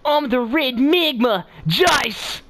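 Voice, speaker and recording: A man's voice: very high voice, lively intonation, slow, bright, forceful tone, full character voice. A young man voicing a boastful male alien elite squad leader, pompous and theatrical, in a game lobby.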